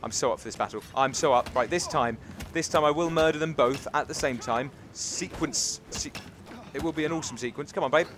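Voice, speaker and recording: A British man from England giving excitable let's-play commentary, cheering and scolding the game as he plays. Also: fairly high pitch, fairly quick, slight background noise. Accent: British English. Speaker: gaming channel host.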